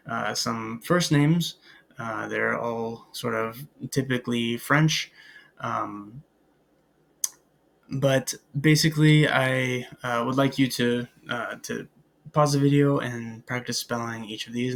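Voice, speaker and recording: A man's voice: mid-range voice, gravelly. A man teaching a recorded French language lesson, hesitant with many ums and uhs, spelling out words letter by letter.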